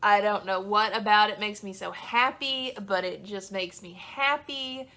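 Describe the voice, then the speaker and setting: A woman's voice: mid-range voice, a little slow, sharp tone. A young woman talking about books in a casual video, chatty and gushing, with lots of "um" and "like". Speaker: book vlogger. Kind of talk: casual chat.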